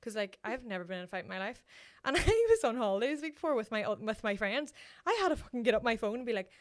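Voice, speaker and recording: Fast, animated woman, podcast co-host, swears freely. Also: on the high side. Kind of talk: casual chat, storytelling.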